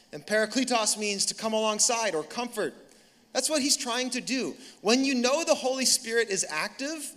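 High, bright-voiced pastor in a big hall. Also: male voice. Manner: conversational, animated storytelling with quick restarts. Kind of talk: sermon. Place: large church hall. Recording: reverberant hall.

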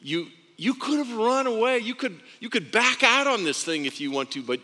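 A man voicing God the Father as a tender, loving parent speaking softly to his son. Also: a little high, moderate pace, lightly acted. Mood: earnest. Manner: soft, intimate, reassuring. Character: tender loving heavenly father, deep and gentle. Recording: long reverb of a large hall.

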